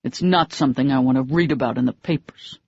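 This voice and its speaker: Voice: mid-range voice, fast, gravelly, husky, no echo. A narrator voicing an angry, curt young man. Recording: dry, slightly dull audiobook recording.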